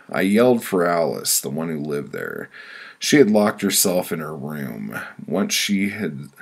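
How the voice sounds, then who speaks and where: A man reading his own story aloud in a deadpan, blunt manner, with sudden loud outbursts. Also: very deep voice, gravelly, husky. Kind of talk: spoken-word storytelling.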